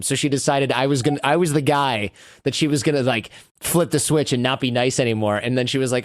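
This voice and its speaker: A man's voice: medium pitch, a little fast, dry recording, clean studio sound. A man, a guest on a podcast, telling stories in casual conversation and acting out the lines of people he quotes. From United States. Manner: animated storyteller who acts out quoted lines.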